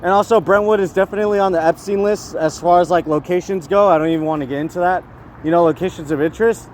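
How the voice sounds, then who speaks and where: A man rambling in a street vlog, laughing and breaking into shouted bursts. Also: sits high, quick pace. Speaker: vlogger. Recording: faint street noise outdoors.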